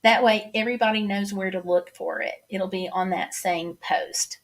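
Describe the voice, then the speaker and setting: A middle-aged woman with a Southern accent runs a casual livestream, chatty as she reads out viewer comments and replies. She speaks at normal speed in a mid-range voice with fairly even intonation.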